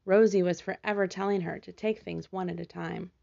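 Lower-voiced woman reading a storybook. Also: steady tone, creaky, dull audio. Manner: gentle, measured storytelling. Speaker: storybook narrator. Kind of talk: scripted narration.

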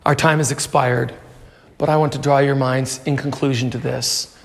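A pastor preaching an earnest sermon, swinging from loud pleas to hushed prayer. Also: male voice, mid-range voice, little pitch movement, moderate pace, gravelly, big-room sound.

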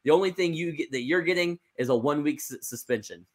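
A man's voice: fairly high pitch, fast, close to an everyday voice. A man voicing a stern male wrestling authority figure laying down a ruling. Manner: firm, laying down the law.

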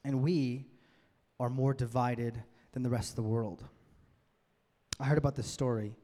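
A man's voice: medium pitch, fairly even intonation, a little slow, mellow. Man preaching in a reverberant hall. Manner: conversational, building to emphatic peaks. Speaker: pastor. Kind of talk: sermon. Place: church hall with long reverb.

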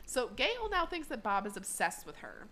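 A woman co-hosts a podcast and recaps an episode in a chatty, giggly way. Her talk is sprinkled with fillers, and her pitch swings in lively, animated curves. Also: a little hiss or hum. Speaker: podcast co-host.

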